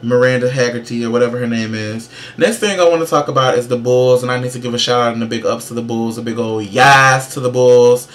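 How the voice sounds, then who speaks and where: A man hosting his own casual show, giving sassy, profane, emphatic pop-culture commentary with brash shout-outs. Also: mid-range voice, brisk, few pauses. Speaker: show host.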